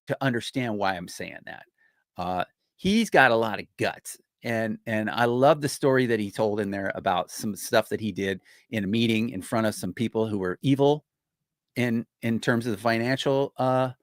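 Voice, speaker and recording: An older man hosting his own show, commenting excitedly on a clip he plays, rambling and repeating himself. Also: medium pitch, no echo, studio quality. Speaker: host. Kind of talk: casual commentary on a played clip.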